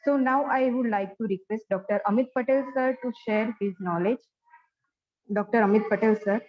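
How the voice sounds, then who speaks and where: A woman's voice: fairly high pitch, moderate pace, highs cut off. A woman with an Indian English accent formally introducing a guest speaker, reading from a prepared introduction.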